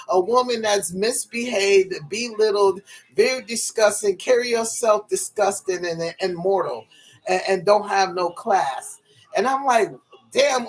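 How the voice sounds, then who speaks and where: Casual vlogger, high-pitched man, rambling and profane, high and tired. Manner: rambling, profane, laughs often. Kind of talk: casual monologue to viewers.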